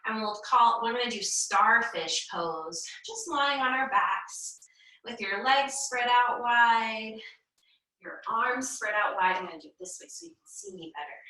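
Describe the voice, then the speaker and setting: A woman's voice: on the high side, a little slow, heavy reverb, recorded from a distance, rough recording. Cheerful woman guiding kids' yoga. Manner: gentle, encouraging, sing-song instructions. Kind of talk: guiding a children's yoga class.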